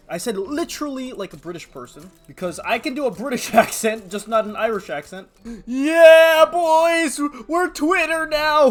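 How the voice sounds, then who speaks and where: A young man giving excitable commentary on a strategy game as a gaming YouTuber, laughing often and hyping up his audience. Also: high-pitched.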